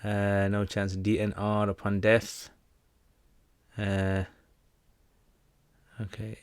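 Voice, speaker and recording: A man's voice: fairly low pitch, completely flat delivery, very slow, smooth, dry recording. A man with a British accent who teaches Islam, casually answering viewer questions on a livestream in a chatty, joking way with many fillers.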